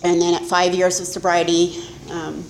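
A middle-aged woman speaks candidly about her own recovery at a meeting, mocking herself along the way. Her voice sits a little low. The room is echoey, with a faint hum of ambience behind her. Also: flat delivery, normal speed. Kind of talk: personal testimony talk.

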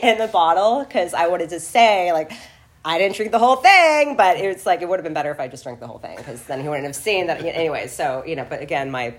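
A woman with a low voice shares her recovery story in an emotional, tearful way. She rambles along with plenty of fillers and restarts. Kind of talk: personal testimony at a recovery meeting.

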